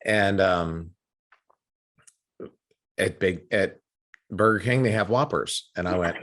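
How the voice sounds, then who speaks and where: Male podcast host, middle-aged American, lowish voice, rambling anecdotal delivery. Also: takes it slowly, long pauses, a bit bright. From United States. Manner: chatty, storytelling with frequent restarts. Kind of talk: casual conversation.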